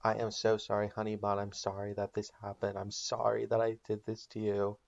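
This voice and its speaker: A man's voice: fairly low pitch, monotone, fairly quick, creaky, highs cut off. A man voicing a weary, torn mother who pleads and argues, in a comedic made-up recap. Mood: tender.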